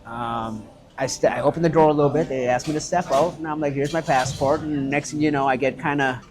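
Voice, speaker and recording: Animated storytelling man, slightly high voice. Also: a little fast. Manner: animated, swearing, acts out quotes. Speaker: guest, restaurant owner. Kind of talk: casual storytelling chat.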